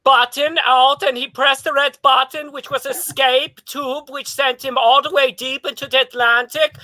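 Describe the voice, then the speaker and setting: A man improvising comic narration from home for an online show, in a brisk storytelling manner. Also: very high voice, level tone, sharp tone.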